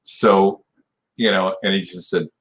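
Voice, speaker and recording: A man's voice: deep voice, steady tone, unhurried, fairly bright tone. Older man rambling through a story. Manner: rambling retelling, full of "you know" and restarts. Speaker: podcast guest, martial arts black belt. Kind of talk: storytelling in a podcast interview.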